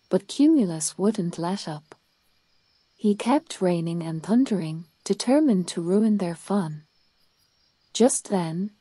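A woman reading a children's bedtime story aloud in a calm, soothing way. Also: fairly low pitch, no echo.

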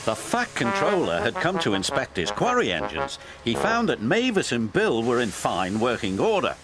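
A man narrating a children's railway story in an expressive, storytelling manner. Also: mid-range voice, normal speed. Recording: loud background music.

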